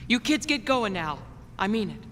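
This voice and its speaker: A woman's voice: mid-range voice, sing-song, normal speed, a bit bright, slight background noise. An actress voicing a blunt, sardonic older woman with a dry, commanding delivery. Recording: game audio with reverb and music.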